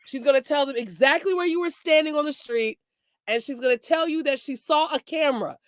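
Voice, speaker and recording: Woman host, high voice, teasing and jokey, dry close sound on a video call. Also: a little fast, no room sound. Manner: teasing, joking, breaks into laughter. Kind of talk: playful chat with guests.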